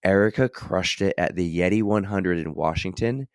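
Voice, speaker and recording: Hoarse low-voiced man hosting a podcast. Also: moderate pace, dry recording, studio quality. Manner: chatty, upbeat, jokey. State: hoarse, losing his voice. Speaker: podcast host. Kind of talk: casual podcast intro.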